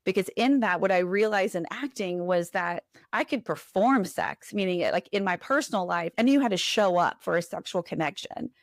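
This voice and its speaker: A woman guest on a podcast, telling a personal story in an animated, conversational way. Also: fairly low pitch, no echo, studio quality. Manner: animated, acts out quoted voices.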